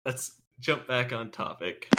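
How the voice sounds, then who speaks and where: A young man with an American accent chatting casually as a podcast co-host, relaxed and full of fillers. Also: mid-range voice, unhurried, noisy background. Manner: relaxed, filler-heavy, laughs easily. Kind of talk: casual chat.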